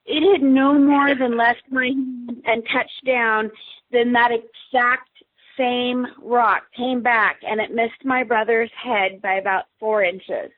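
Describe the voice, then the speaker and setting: Speaking slowly in a slightly high voice, a woman guest tells a story during casual chat. She's animated, voicing the lines people said, and the phone recording comes through tinny.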